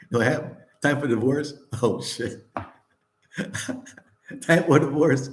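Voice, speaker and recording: A man's voice: medium pitch, takes it slowly, a little hiss or hum. An older man hosting a casual chat, talking candidly, laughing often, swearing and repeating himself. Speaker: vlog host.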